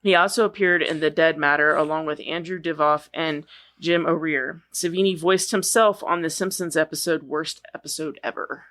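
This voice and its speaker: Bright-voiced woman reading a film profile. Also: low-pitched, fairly even intonation, normal speed. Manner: reads steadily, stumbles and corrects words. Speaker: podcast co-host. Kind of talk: reading a profile aloud in a casual podcast.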